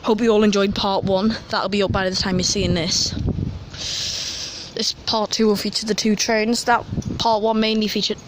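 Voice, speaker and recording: A man's voice: high-pitched, normal speed. Chatty man vlogging on a platform. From North East England. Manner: chatty, rambling, excitable about train details. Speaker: transport vlogger. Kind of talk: casual walk-and-talk vlog commentary. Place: outdoor metro station platform. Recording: noisy outdoor station sound.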